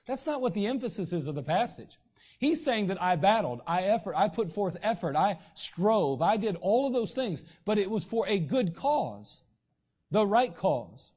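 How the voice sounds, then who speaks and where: A man preaching a sermon as pastor, in a conversational way with frequent throat clearing. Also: high-pitched, sing-song, normal speed, darkish tone. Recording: dull lo-fi recording.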